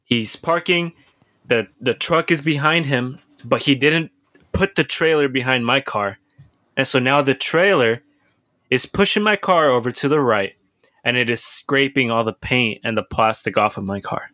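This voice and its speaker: A man's voice: mid-range voice, moderate pace, sharp tone, no echo, clean studio sound. A young man casually telling a rambling, profane story on a podcast, full of restarts and filler words.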